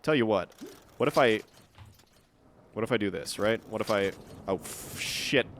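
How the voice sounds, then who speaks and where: A man's voice: lowish voice, expressive, normal speed, fairly bright tone, a little hiss or hum. A man streaming live gameplay, chatting and muttering to himself with frequent swearing.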